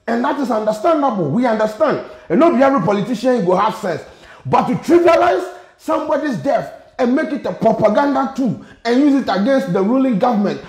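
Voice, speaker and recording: A man's voice: extremely high pitch, reverberant, poor audio. A man with a Ghanaian accent, vlogging an exasperated, profane rant with lots of repetition. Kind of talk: angry rant to camera.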